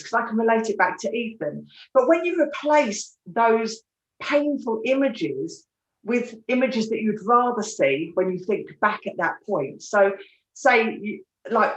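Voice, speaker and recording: Woman, therapist, earnest and reflective, hesitant restarts, echoey room, distant mic. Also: medium pitch. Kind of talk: reflective personal storytelling. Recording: roomy echo, mic at a distance.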